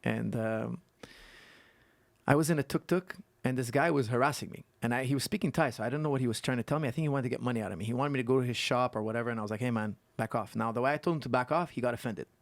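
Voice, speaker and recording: A man who is a guest coach on a podcast, telling stories and explaining technique in an animated way that repeats points for emphasis. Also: mid-range voice, very fast, gravelly, no room sound. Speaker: guest martial arts coach. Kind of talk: casual podcast conversation.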